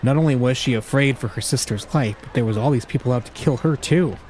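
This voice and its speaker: A man's voice: mid-range voice, quick pace, a little mellow, slight background noise. A man hosting a let's play, reading a visual novel aloud with casual, jokey asides.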